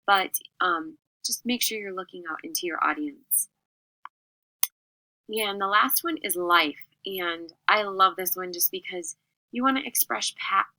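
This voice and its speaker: Female teacher, clear expressive lesson delivery, bright tone, dry close sound. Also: medium pitch, dry recording, rough recording. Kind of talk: classroom lesson on public speaking.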